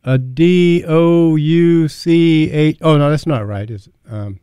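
A man's voice: a little high, takes it slowly, mellow, smooth, no room sound, studio quality. A man hosting a talk radio show, bantering dryly with a caller. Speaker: radio host. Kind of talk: casual talk radio chat.

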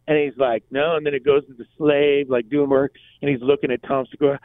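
Radio co-host, man, retells comedy bits with lively voices, thin phone-like sound. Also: mid-range voice, fairly quick, hardly any pauses, no echo. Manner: animated storyteller, acts out quotes. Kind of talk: casual radio talk. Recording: tinny phone-like band, dry.

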